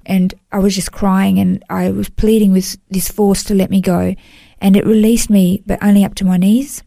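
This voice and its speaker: A woman recounts her story as an interview guest. Her voice is warm and mellow with a gravelly edge. She speaks earnestly and emotionally, leaning often on "you know", and the recording is close and dry. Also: medium pitch, flat delivery, normal speed, dry recording. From Australia. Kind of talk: personal testimony in an interview.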